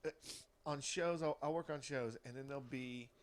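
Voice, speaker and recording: A man who writes for television, talking casually and quietly as a podcast guest and airing a low-key gripe. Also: moderate pace, slight background noise. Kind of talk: casual chat.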